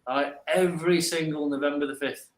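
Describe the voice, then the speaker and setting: A man's voice: a little high, steady tone, a little fast, echoey room. A man, rambling through a story in casual live chat and repeating his words.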